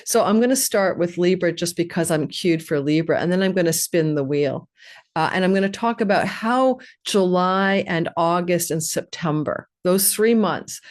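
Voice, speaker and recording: A woman giving an informal astrology presentation over a video call, chatty and digressive with quick asides. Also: on the low side. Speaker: astrologer guest speaker.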